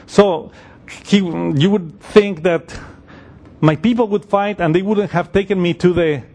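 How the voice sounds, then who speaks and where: A man preaching a sermon in a fairly high voice. He explains step by step, thinking aloud with small restarts as he works through the passage. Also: fairly even intonation, unhurried, darkish tone.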